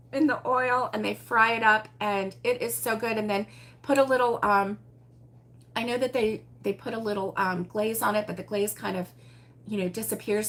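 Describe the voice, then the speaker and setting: A woman's voice: mid-range voice, fairly bright tone. A woman hosting a casual livestream at home, chatting with viewers in a chatty, exclamatory way and laughing often. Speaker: host of a crochet livestream. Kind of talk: casual livestream chat answering viewer comments. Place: at home with her husband nearby.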